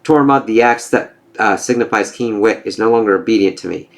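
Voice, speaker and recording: A man's voice: fairly low pitch, fairly quick, gravelly. A man reading the lines of a stern, proud male thunder god from a comic, declaiming in solemn oaths. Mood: defiant.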